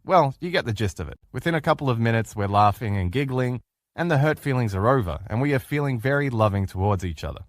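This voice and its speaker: A man giving a motivational lecture as a relationship coach, telling stories with emphatic, lively delivery. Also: medium pitch, quick pace, no room sound, clean studio sound. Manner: emphatic animated storyteller.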